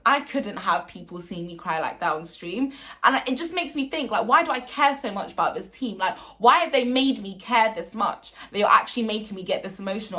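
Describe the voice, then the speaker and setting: A woman's voice: medium pitch, animated, brisk, pushed and bright. A woman giving an unscripted post-match reaction as a fan, ranting in frustration with many ums and repeated phrases, upset and close to tears.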